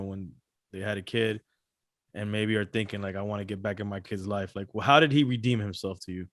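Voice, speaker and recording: Man, podcast host, low voice, dry close sound, casual follow-up questions. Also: fairly bright tone, no echo. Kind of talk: casual interview.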